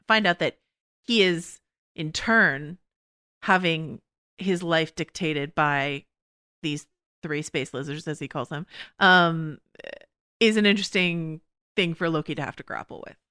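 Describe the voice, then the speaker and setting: A woman hosts a podcast in a loose, chatty way, talking fast and dropping "you know" everywhere. Her voice sits a little low but sounds bright and crisp. It is very clear. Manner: quick, chatty, full of "you know" and laughs. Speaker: podcast host. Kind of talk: casual TV discussion chat.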